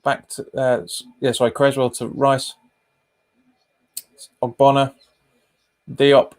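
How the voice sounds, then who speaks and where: A man's voice: medium pitch, flat delivery, slow pace. A man streaming a live football watch-along, calling passes and chatting casually with viewers, often repeating himself. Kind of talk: live match commentary and chat reading.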